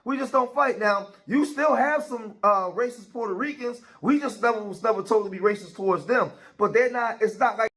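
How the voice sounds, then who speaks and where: A man's voice: high-pitched, brisk, hardly any pauses, fairly bright tone, low-quality recording. A man, giving casual commentary in a conversational way and checking in with his listeners. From Philadelphia. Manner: conversational, keeps asking "right?".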